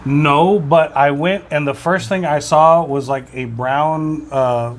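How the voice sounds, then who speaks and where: A man in his forties, co-hosting a laid-back podcast, tells crude stories and jokes and laughs along at his own punchlines. His voice sits fairly high. A faint hum of room noise runs under him. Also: fairly even intonation, slow. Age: 40s. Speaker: podcast co-host. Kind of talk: casual chat.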